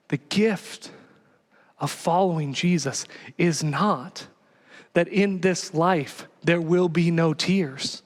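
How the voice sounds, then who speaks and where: A male pastor delivering a sermon with a bright, high voice. He is animated and emphatic and drives his points home by repeating them. His delivery swings from lively to hushed. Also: slow, in a large hall.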